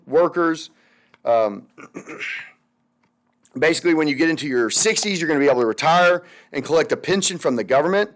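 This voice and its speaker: A young man teaching a recorded history lecture over slides, chatty and loose, with many fillers and wry asides. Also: fairly high pitch.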